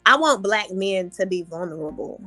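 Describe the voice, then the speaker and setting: Expressive woman in her thirties. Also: medium pitch, moderate pace, faint music behind. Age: 30s. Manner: expressive, acts out her own thoughts in quotes. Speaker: podcast guest. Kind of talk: casual candid conversation.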